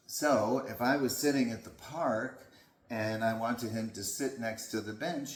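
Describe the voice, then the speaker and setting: A male dog trainer explains his methods in a calm, patient voice. He speaks slowly, with a fairly low pitch. The room around him is echoey. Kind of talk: instructional talk.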